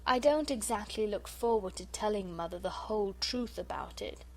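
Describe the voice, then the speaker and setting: A woman's voice: medium pitch, expressive, moderate pace, darkish tone, slight background noise, natural voice. A woman voicing a young boy, a thoughtful brother, in a plain, matter-of-fact way.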